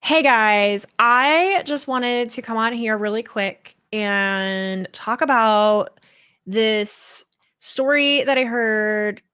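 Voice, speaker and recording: A woman putting on the voice of a gushing young female social media influencer, stretching her words slowly and overexcitedly. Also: medium pitch, pushed and bright, exaggerated voice. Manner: drawn-out, breathy, overexcited.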